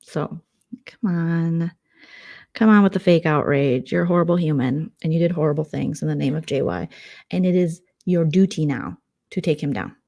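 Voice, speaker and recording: A woman's voice: sits low, moderate pace, gravelly. Sarcastic gossiping woman vlogger. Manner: gossipy, sarcastic, animated retelling. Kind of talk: casual late-night commentary chat.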